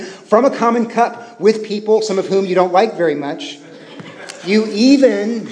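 High-voiced male pastor in a reverberant church. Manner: conversational preaching with self-deprecating asides; drops to a hushed tone for emphasis. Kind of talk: sermon. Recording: long reverb of a church hall.

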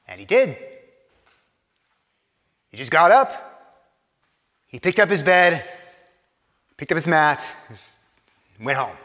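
A man preaching a sermon, earnest, repeating and restarting phrases, often dropping soft for emphasis. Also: fairly high pitch, sing-song, takes it slowly, long pauses, long reverb tail.

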